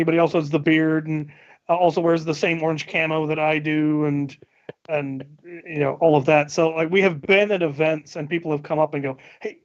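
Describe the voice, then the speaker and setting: A man hosts a casual podcast chat with a fairly high voice, full of easygoing, self-mocking jokes. The audio is dull and lo-fi. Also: no room sound. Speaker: podcast host. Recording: dull lo-fi sound.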